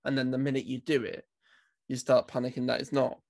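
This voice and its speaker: A man's voice: mid-range voice, level tone, fairly quick, creaky, no room sound, clean studio sound. A young man co-hosting a podcast, talking in an awkward, giggly, rambling way in casual chat. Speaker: co-host. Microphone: desk mic that crackles.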